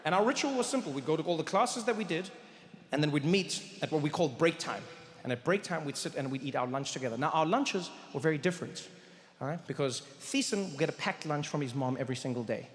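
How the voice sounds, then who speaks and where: A man with a South African accent telling an animated stand-up story on a theatre stage, acting out voices with big swings in volume. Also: on the high side, quick pace. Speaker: stand-up comedian. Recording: echoey hall, live stand-up.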